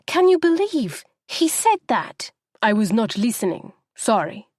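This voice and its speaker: A woman voicing a furious young wife arguing in a taxi, her lines high and shrill. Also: animated, no room sound, clean studio sound. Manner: shrill, raging, rapid outbursts.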